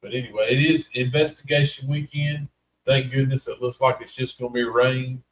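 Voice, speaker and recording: A man's voice: medium pitch, steady tone, normal speed, a little hiss or hum, poor audio. A middle-aged man, hosting a casual livestream chat in a rambling, folksy way. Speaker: host.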